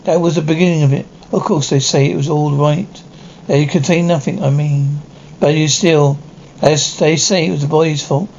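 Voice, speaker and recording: Brief: a quiet, rambling old mourner with a gravelly tone, read by a man; dull, slightly noisy recording. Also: a little high, steady tone, moderate pace. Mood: hushed. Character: elderly grieving woman, a priest's sister.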